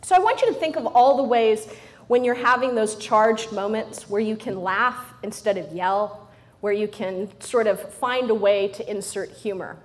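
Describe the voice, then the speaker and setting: Here a middle-aged woman with a medium-pitched voice talks at normal speed, giving a comic motivational speech to a live audience. Playful and full of jokes, she often turns to the crowd with a "right?"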